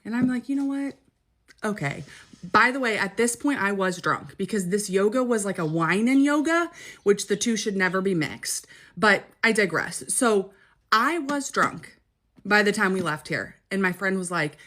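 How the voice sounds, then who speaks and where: A young woman tells a wild personal story straight to her audience in a casual, chatty way. Her voice is bright and clear, pitched in a middle range for a woman. She keeps checking in with her listener as she goes. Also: animated, moderate pace.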